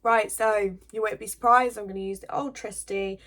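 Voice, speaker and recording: A woman's voice: medium pitch, fairly even intonation, moderate pace, fairly bright tone. A woman from the English Midlands chats through her makeup routine as if talking to a friend. She rambles happily from one thought to the next. Her voice has a hint of a cold coming on. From English Midlands, near Birmingham. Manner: chatty and rambling, talks to viewers like a friend. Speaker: beauty vlogger. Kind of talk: chatty get-ready-with-me makeup vlog.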